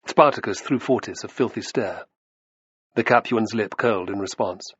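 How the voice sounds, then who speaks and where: A man narrating an audiobook with a dramatic, expressive reading. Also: on the low side, moderate pace, slightly rough, no echo. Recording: dull lo-fi dry recording.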